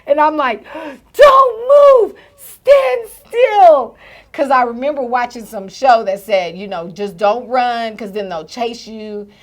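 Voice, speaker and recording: A woman in her thirties, a podcast co-host telling a story in casual chat and acting out its shouts and gasps. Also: on the high side, normal speed, few pauses.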